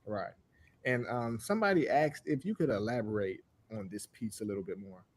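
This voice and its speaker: A man's voice: lowish voice, normal speed. A man hosting a podcast interview, asking questions with hesitant restarts and giving brief affirmations.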